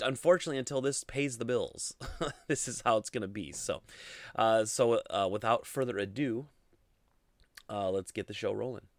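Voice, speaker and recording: A man's voice: on the low side, no room sound, studio quality. A man hosting a casual solo gaming podcast, rambling with lots of fillers and restarts. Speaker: podcast host.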